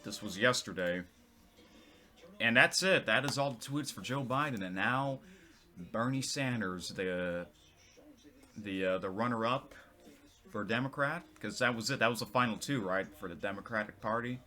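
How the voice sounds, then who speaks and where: Low-voiced man casually rambling over tweets. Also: moderate pace, bright, forceful tone, faint music behind. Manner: rambling, many restarts and self-corrections. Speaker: vlogger reading tweets. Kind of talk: casual commentary.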